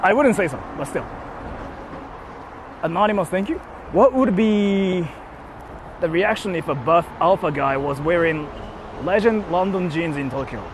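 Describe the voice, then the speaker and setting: A man's voice: high voice, animated, a little slow, pauses often, background noise. A young man chatting casually on a stream from a car, reading donations, playful and sweary.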